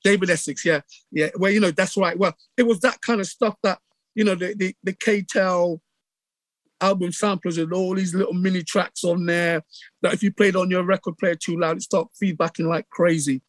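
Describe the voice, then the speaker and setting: A middle-aged man with a Bristol accent, telling stories in a casual interview with lively acted-out quotes and many restarts. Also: high-pitched, normal speed, dry recording. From England. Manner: animated storyteller, acts out quotes, many restarts. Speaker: radio DJ guest.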